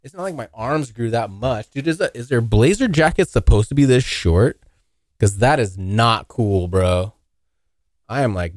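In a clean studio recording with no room sound, a young Washington State podcaster with a lowish voice rambles solo through a profane story. He livens up whenever he acts out scenes.

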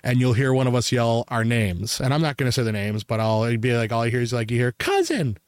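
A young man telling rambling, jokey stories on a casual podcast, laughing often and putting on loud silly voices. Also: medium pitch, flat delivery, quick pace, clean tone, no room sound, clean studio sound. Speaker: podcast host. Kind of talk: casual podcast chat, storytelling.

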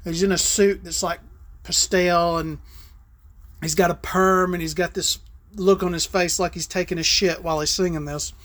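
A woman's voice: lowish voice, steady tone, moderate pace, dry recording. A woman hosting a podcast, talking in a casual, rambling, profane and joking way. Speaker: podcast host.

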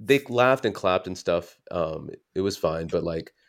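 US comedian with a deep low voice, chatty and self-correcting as he tells stories. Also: expressive, a little slow. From United States. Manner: rambling, self-correcting storyteller. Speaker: comedian guest. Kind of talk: casual interview chat.

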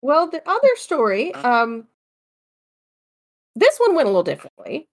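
A woman's voice: high voice, wildly swooping pitch, moderate pace. A woman co-hosting a casual chat, telling ghost stories in a joking, chatty way. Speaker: podcast co-host.

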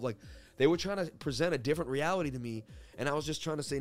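A man's voice: mid-range voice, quick pace. A man hosting a crypto market show, telling a rambling story full of "like" fillers and then talking through charts. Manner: animated, rambling, frequent "like" fillers. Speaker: crypto market analysis host. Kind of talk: casual storytelling and chart commentary.

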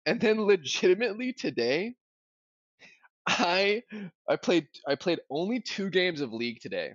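A young man telling a story in casual chat, animated, swearing a lot, with lots of "like" fillers. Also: fairly high pitch, normal speed, no room sound, muffled recording. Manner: animated, swears a lot, fillers like "like", bursts into loud yelling when reenacting.

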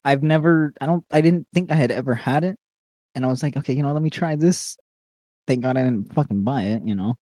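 A man's voice: mid-range voice, fairly quick, warm tone, dry recording. A young man co-hosting a podcast in casual, profane chat while eating. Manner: profane, laid-back, eating while talking. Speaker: podcast co-host.

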